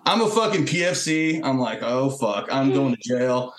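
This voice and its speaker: A man's voice: medium pitch, normal speed, a crowd in the background. Profane storytelling veteran man, echoey room. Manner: profane and animated, acting out quotes. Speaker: Marine Corps veteran guest. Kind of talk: casual storytelling.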